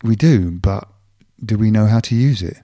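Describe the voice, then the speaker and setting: A man's voice: lowish voice, moderate pace, warm tone, no room sound, studio quality. A man with a London accent co-hosting a radio music show, chatting casually and musing with lots of fillers.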